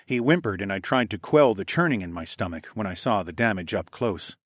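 A man narrating a first-person novel, measured and steady. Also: fairly low pitch, slightly rough, dry recording, studio quality. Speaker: audiobook narrator.

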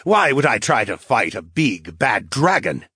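A man's voice: mid-range voice, very animated, unhurried, pushed and bright, slightly rough, dry recording, clean studio sound, exaggerated voice. A man voicing a sly, disdainful male tiger-man mage in an audiobook, with a smug, purring delivery.

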